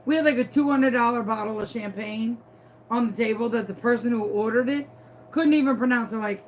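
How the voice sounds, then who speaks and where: A woman's voice: a little high, fairly quick, slight background noise. A woman from New Orleans with a Southern accent, telling a playful, dramatic story as she crafts. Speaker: crafting vlogger. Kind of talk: chatty storytelling while crafting.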